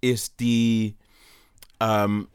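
A man's voice: fairly low pitch, flat delivery, extremely slow, a crowd in the background. A man, emphatic and slangy, arguing in a casual podcast chat. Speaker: podcast co-host.

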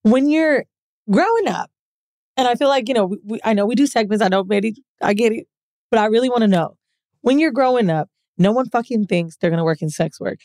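A woman's voice: on the high side, expressive, brisk, darkish tone, dry recording, studio quality. A woman co-hosting a podcast, asking curious, probing questions. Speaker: podcast co-host. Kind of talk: casual interview chat.

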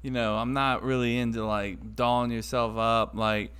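Chill guy on a podcast, smooth clear voice, swears a lot. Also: medium pitch, level tone, normal speed, a bit bright. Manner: laid-back, swears freely. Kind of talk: casual chat.

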